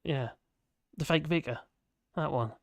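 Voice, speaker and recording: Hoarse, rambling man streaming. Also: on the high side, unhurried, dry recording. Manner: rambling, chatty, self-mocking, hums to himself. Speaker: live stream host. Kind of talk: casual live stream chat, reading out comments. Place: at home in France. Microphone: desk microphone.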